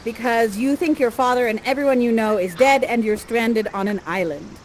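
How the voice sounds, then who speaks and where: Playful theatrical woman, slightly high voice. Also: normal speed, a little hiss or hum, low-quality recording. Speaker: live theater performer guiding the audience. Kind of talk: interactive theater narration.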